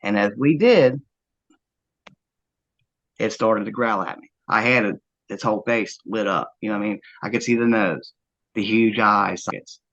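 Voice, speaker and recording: Gravelly low-voiced man telling an encounter. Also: fairly bright tone, highs cut off. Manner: halting, earnest storytelling with many fillers. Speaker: eyewitness interviewee. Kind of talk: first-hand encounter story.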